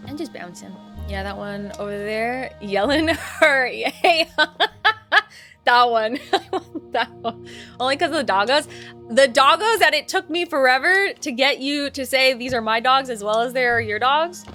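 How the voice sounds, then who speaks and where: A young woman streaming a game and chatting casually with viewers, loud and playful, swinging from yelling to soft asides. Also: sits high, a little slow, soft background music.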